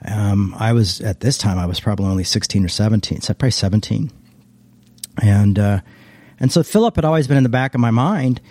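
A man's voice: fairly low pitch, a little fast, dark tone, no room sound. A man, a former pastor, reflectively telling his life story in a casual interview, meandering and often restarting his sentences.

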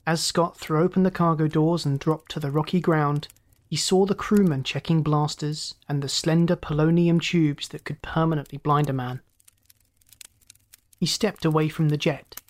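Steady and measured, this man voices a science fiction story for an audiobook, going higher in pitch to deliver characters' lines.

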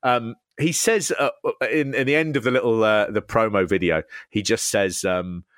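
A man co-hosting a podcast, talking in a wry, animated way and slipping into mock voices for quotes. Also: fairly low pitch, normal speed, dry recording, studio quality. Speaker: podcast co-host. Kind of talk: casual chat.

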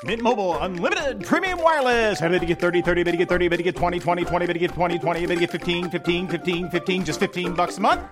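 A man playing an auctioneer in an advertisement, rattling off falling prices in a rapid auction chant. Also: high-pitched, lightly acted. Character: fast-chanting male auctioneer in an ad. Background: music.

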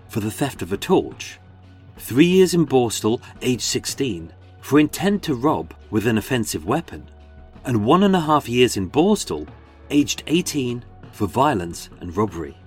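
A man with a Birmingham accent narrating a true-crime walking tour as its host, sardonic and sweary, with dramatic pauses. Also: mid-range voice, slightly rough. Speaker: podcast host and tour guide.

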